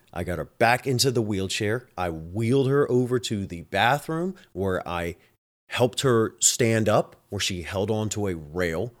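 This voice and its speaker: A man hosting his own show, a home health nurse telling a work story in a casual, exasperated way, often swearing. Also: fairly low pitch.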